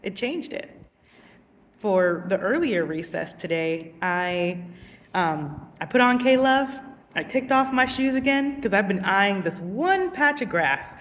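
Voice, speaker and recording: Animated young woman, distant and reverberant. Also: medium pitch, a little slow, a little hiss or hum. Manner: animated, giggly, acts out voices in quotes. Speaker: teacher. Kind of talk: casual vlog storytelling.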